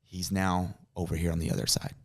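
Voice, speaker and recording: A man, a pastor, tells a personal story in a podcast conversation, earnest and dropping to a hush in emotional moments. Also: low voice, little pitch movement, a little fast, husky.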